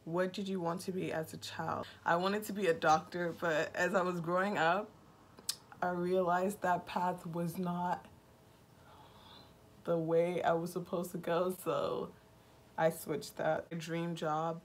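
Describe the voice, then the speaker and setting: Slow, monotone young woman from Nigeria. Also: lowish voice. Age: 20s. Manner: monotone, dry sarcastic delivery; slow-talking. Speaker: vlogger. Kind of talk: casual get-to-know-me vlog.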